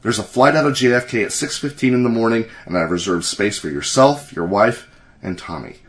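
A man reading as a calm, assured doctor. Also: mid-range voice, lightly acted. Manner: calm, measured.

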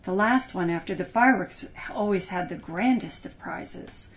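Expressive woman narrating a story. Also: mid-range voice, moderate pace. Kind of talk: audiobook narration.

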